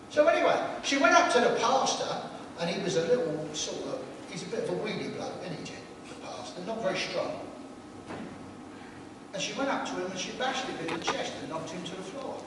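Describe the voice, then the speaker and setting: A man in his sixties preaching a chatty sermon in a church hall, telling stories and joking with the congregation, recorded from a distance. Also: high-pitched. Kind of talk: sermon with anecdotes. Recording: echoey hall from far off, noisy.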